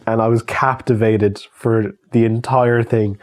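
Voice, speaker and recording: A man's voice: medium pitch, little pitch movement, a little slow. An Irish man in his thirties, chatting casually and answering viewer questions with loose, swearing humour. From Ireland. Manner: chatty and swears freely, reads questions aloud. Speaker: YouTube creator answering fan questions. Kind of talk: casual solo Q&A chat.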